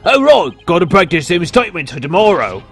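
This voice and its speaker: A man's voice: sits high, sing-song, brisk, fairly bright tone, soft background music, exaggerated voice. A man voicing a sheepish, folksy male sidekick in a video game who talks hesitantly. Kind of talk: reading game dialogue aloud.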